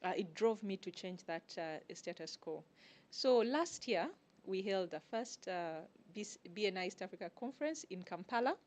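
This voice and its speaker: A woman gives a guest interview at an even, mid-range pitch. She explains things step by step in a measured way and often pauses to find her words. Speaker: guest, networking group organizer. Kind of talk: interview answers.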